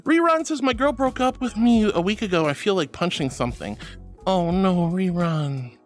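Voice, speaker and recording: A woman streaming as a VTuber archangel persona, chatting casually with her viewers in a playful, dramatic way and turning soft and comforting when she consoles them. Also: on the low side, lively intonation, normal speed, soft background music. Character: archangel persona, regal and sweet. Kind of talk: casual livestream chat.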